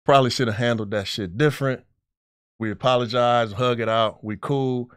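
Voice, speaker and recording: A man's voice: medium pitch, moderate pace, clean tone, dry recording. Middle-aged man, podcast co-host, profane storyteller, close dry mic. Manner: animated, profane, acts out voices in his stories. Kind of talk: casual storytelling chat.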